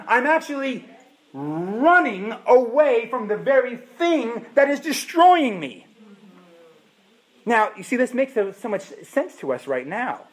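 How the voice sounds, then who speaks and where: A man preaching a sermon, pleading and impassioned, repeating his calls again and again. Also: high voice. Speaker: pastor.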